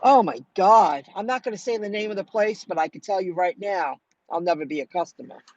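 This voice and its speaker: A middle-aged woman telling viewers about her delivery rounds in a chatty, animated way, acting out what people said. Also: mid-range voice, fairly quick, no echo, lo-fi sound. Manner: chatty, animated retelling with quoted dialogue. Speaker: food delivery driver vlogger. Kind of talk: casual storytelling to viewers.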